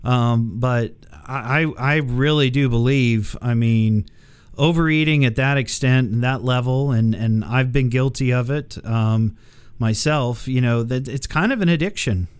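A man hosts a relaxed interview, reflective and agreeable as he chimes in. His voice is smooth and clear. The sound is close and dry. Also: mid-range voice, a little slow, dry recording. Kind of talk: casual interview chat.

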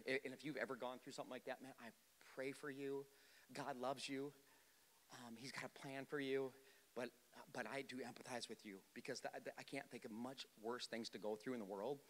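Male pastor, mid-pitched, preaching in a reverberant hall; punchy emphasis alternating with hushed storytelling, frequent restarts. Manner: swings from loud emphatic points to quiet subdued storytelling; repeats words, restarts, addresses the congregation directly. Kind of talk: sermon.

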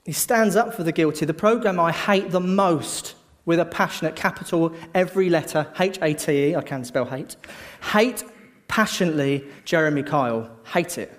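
Man, middle-aged, preacher, sermon, animated storytelling, slightly high voice. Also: normal speed, big-room sound.

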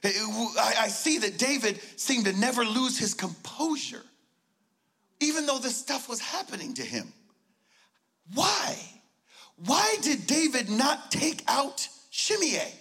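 A man preaching a lively sermon as a guest speaker, joking and shouting his points. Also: very high-pitched, a little slow. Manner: excitable, joking, shouts for emphasis.

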